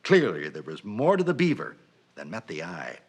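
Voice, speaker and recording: A man's voice: deep voice, huge pitch swings, normal speed, a little hiss or hum. A man narrating a mock documentary in a mock-serious scripted delivery.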